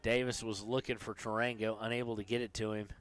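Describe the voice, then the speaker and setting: A man calling play-by-play for a high school soccer game, chatty and joking between plays. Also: little pitch movement, fast talker, smooth. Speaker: play-by-play commentator.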